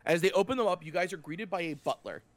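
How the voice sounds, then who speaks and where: Man running a tabletop game, halting narration, dry close sound. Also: high voice, dry recording. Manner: casual, halting narration with restarts. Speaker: game master.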